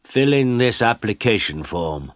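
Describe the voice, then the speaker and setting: A man's voice: on the low side, sing-song, a little slow, no echo, pitched above the performer's own voice. A man reading a storybook aloud, voicing a curt, businesslike male government official.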